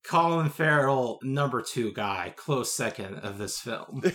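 A man with a bright, crisp voice chats about a film on a casual podcast. He drops in short, wry jokes and asides. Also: medium pitch, lively intonation, measured pace. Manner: wry quips and jokey asides. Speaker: podcast co-host. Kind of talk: casual movie recap chat.

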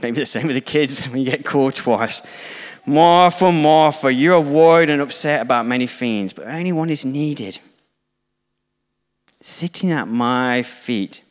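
A man's voice: mid-range voice, moderate pace, long reverb tail. A middle-aged man preaching a conversational, self-deprecating sermon to a church congregation, now and then acting out quoted dialogue.

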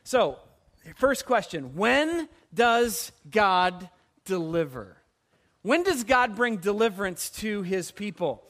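A man preaching a sermon as pastor, animated and putting questions to the congregation. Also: sits high, slow pace.

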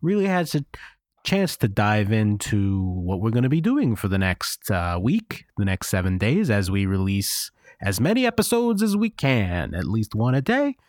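A man co-hosting a comedy podcast talks in a low voice that swings widely in pitch. He rambles and restarts his sentences in mock-defensive banter. The sound is dry, with no room echo. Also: huge pitch swings, moderate pace, a little mellow. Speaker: podcast co-host. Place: studio.

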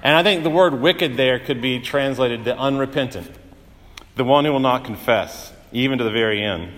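A male pastor preaches at a middle pitch, voice carrying a long reverb through a church sanctuary. He tells his stories earnestly, pausing for drama and building emphasis as he goes. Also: a bit bright. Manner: earnest storytelling with dramatic pauses and rising emphasis. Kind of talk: sermon.

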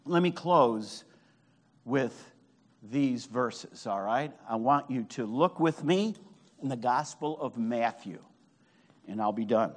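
A man's voice: mid-range voice, lively intonation. Fervent preacher man in an echoing hall. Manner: fervent, swings from quiet to shouted emphasis; draws out key phrases slowly. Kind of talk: sermon. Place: meeting hall at a camp. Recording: long hall reverb.

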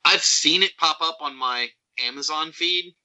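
A man's voice: a little high, a little slow, pushed and bright, rough recording. A man with a Southern US accent, co-hosting a casual podcast chat in a laid-back way, laughing easily. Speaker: podcast co-host.

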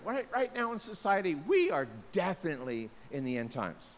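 Male pastor, lively swooping delivery, slightly high voice, echoey hall with faint hiss. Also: brisk, few pauses. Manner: animated, acts out voices of people, jokes aside. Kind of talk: sermon. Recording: long reverb, faint hiss.

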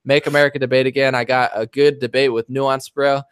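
A man's voice: mid-range voice, little pitch movement, a little fast, clean tone, no echo, studio quality. A man hosting a podcast in casual chat, rambling and joking as he tells stories. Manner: rambling and jokey. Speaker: podcast host.

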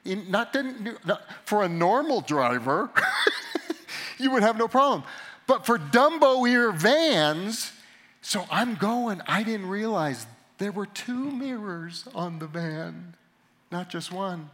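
A middle-aged man giving a sermon to a live audience, telling a story about himself with animated, self-mocking humor. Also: sits high, takes it slowly. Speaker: pastor or conference speaker.

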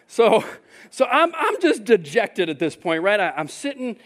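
A pastor with a notably high-pitched voice delivers a sermon, chatting with the congregation as he tells his story. He swings from quiet asides to loud, animated peaks. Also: measured pace. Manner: animated storytelling, rises to shouts; conversational asides to the audience.

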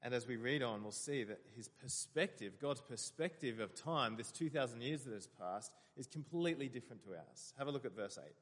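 A man's voice: mid-range voice, animated, normal speed, fairly bright tone, big-room sound. A man preaching a sermon, earnestly explaining scripture and reading verses aloud.

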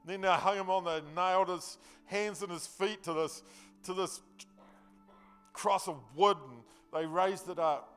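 A man's voice: high-pitched, steady tone, a little slow, fairly bright tone, smooth, soft background music. A man preaching a sermon, telling the story earnestly and emphatically in a loose, conversational way with casual slang.

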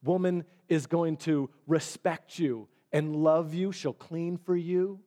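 A benevolent creator god speaks softly, assuring and kind, as a man plays him during a sermon. The delivery is quiet and unhurried. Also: on the high side, fairly even intonation.

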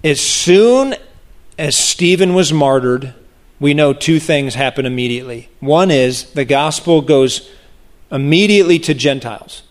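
Slow, animated man preaching a sermon. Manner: animated, acts out voices of the crowd with big pitch jumps.

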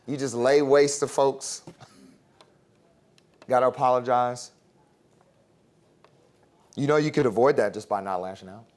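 A man's voice: medium pitch, unhurried, long pauses, darkish tone. A man teaching a Bible class in a casual, conversational way, with chuckling asides, ending in prayer.

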